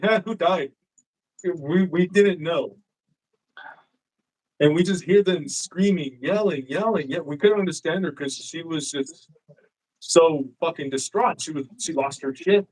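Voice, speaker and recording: A man's voice: fairly high pitch, moderate pace, rough recording. A man telling a story as a guest in a casual chat, swearing freely and acting out what people said. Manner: profane, animated, acts out quotes. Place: live-streamed show.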